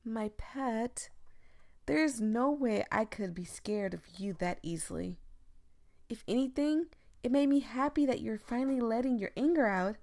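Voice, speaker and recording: Woman doing a creepy sweet manipulative girl, higher voice, coaxing and kinda sinister. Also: lively intonation, unhurried, darkish tone. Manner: coaxing and sugary, with a sinister edge.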